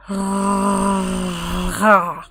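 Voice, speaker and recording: A woman's voice: medium pitch, little pitch movement, extremely slow, fairly bright tone, slightly rough, faint music behind. A woman streamer chatting casually in a rambling, filler-heavy way while she paints.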